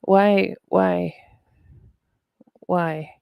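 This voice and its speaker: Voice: mid-range voice, fairly even intonation, normal speed, gravelly, a little mellow, no room sound. A podcast host chatting casually, rambling and talking to themselves while looking things up. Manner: rambling, talks to self while browsing. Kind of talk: casual chat.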